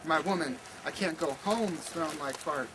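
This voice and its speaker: A man's voice: a little high, normal speed, natural voice. A man doing a frantic bean-craving husband. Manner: frantic, stammering self-talk. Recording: noisy outdoor recording.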